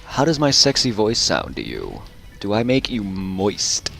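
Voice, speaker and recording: A man's voice: lowish voice, huge pitch swings, a little slow, gravelly, fairly bright tone, soft background music, heavily acted. A man doing a mock-sultry ASMR whisper. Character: mock-sultry male ASMR host, teasing. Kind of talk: whispered role-play.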